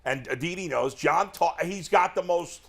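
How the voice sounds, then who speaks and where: A man hosting a sports talk show, telling a story in lively casual chat. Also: on the high side, normal speed, vocal fry.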